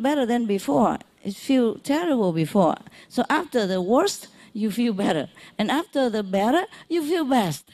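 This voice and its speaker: A woman's voice: fairly high pitch, mellow. A woman teacher giving an informal spiritual lecture in simple, slightly broken English, chatty and laughing often, speaking straight to her listeners. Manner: chatty, laughs often, repeats phrases, talks directly to listeners.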